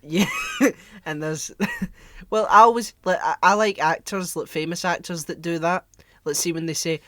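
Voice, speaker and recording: A man's voice: on the high side, normal speed, bright, forceful tone. A man co-hosting a podcast, talking bluntly and swearing in casual chat. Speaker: podcast co-host.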